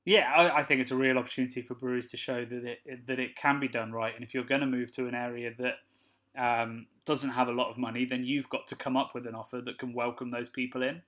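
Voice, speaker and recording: A man's voice: medium pitch, fast talker. Jokey man hosting a podcast. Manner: relaxed, jokey, laughs easily. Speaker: podcast co-host. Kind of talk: casual chat.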